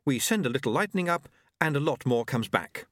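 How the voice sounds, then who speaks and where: A man voicing Jeremy, a high-strung young male clockmaker who talks in a shrill, excitable, nervously precise way. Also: brisk, no room sound, close to an everyday voice. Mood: eager.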